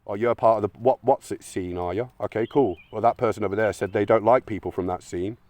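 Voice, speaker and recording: Blunt, sweary man with a low voice. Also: fairly even intonation, a little fast, a little mellow, no echo. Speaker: channel host. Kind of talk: opinionated monologue.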